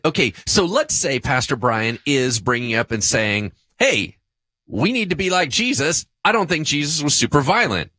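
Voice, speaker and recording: A man, a pastor co-hosting a podcast, telling a story about himself in a lively, self-deprecating way. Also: mid-range voice, normal speed, dry recording. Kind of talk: casual podcast discussion.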